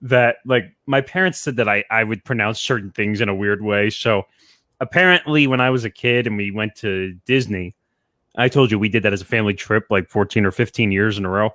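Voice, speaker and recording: A man co-hosting a casual podcast chat, telling stories in a relaxed, easygoing way. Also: fairly low pitch, fairly quick, dry recording, clean studio sound. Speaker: co-host.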